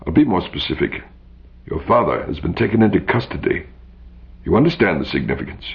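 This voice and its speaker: A man's voice: low-pitched, lively intonation, brisk, creaky. A man reading aloud, voicing a cool, refined male dandy who speaks in a precise, insistent way. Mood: urgent. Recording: dull lo-fi recording.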